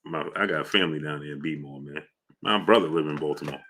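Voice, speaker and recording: Hype-driven boxing streamer, bright voice. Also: male voice, extremely low pitch, fairly quick. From New York. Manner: shouts out viewers by name, loud hype bursts. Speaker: boxing livestream host. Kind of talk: casual livestream chat reading super chats.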